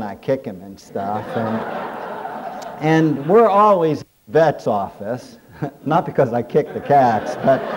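A man's voice: mid-range voice, background noise. A middle-aged man preaching a humorous sermon, telling folksy stories and jokes as he talks. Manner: folksy storytelling with jokes and chuckles. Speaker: pastor.

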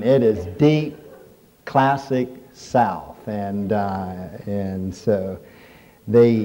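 Folksy joking preacher, mellow voice. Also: male voice, lowish voice. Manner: folksy storytelling with jokes and chuckles. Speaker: pastor. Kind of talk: humorous sermon.

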